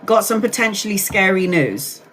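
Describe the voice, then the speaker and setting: A woman's voice: mid-range voice, lively intonation, normal speed, background noise. A woman in her forties giving live tarot readings, soothing and direct, calling listeners sweetheart and honey. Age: 40s. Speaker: tarot reader.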